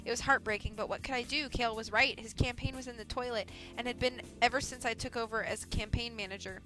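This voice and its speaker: A woman streamer reading a visual novel aloud in an expressive, playful way. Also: fairly high pitch, fast talker, over music.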